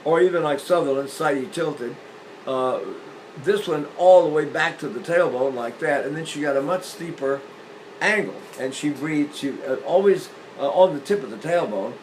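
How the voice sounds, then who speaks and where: An older man teaching singing, explaining breathing with lively demonstrations, often repeating and restarting phrases. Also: on the high side, moderate pace, slight background noise, rough recording. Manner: animated, illustrating points with sung demonstrations. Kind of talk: demonstrative vocal lesson.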